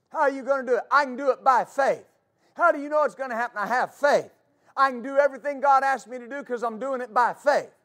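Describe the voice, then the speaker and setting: A fervent male pastor preaching with a notably high-pitched voice. He repeats his key phrases, stumbles into quick restarts, and calls for answers from the congregation. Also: fairly bright tone. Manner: call-and-response with congregation. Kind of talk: preaching a sermon.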